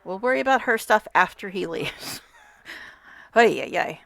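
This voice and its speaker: Gravelly-voiced woman chatting over gameplay. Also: medium pitch, expressive, a little slow, fairly bright tone, no echo. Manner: chatty, talks to game characters, swears, laughs often. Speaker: gamer vlogger. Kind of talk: casual gameplay commentary.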